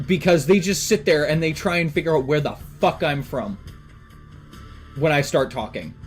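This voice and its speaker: A man's voice: fairly high pitch, moderate pace, faint music behind. A young man from Canada chatting casually on a stream, rambling with lots of fillers and swearing. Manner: rambling, filler-heavy and profane. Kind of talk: casual chat.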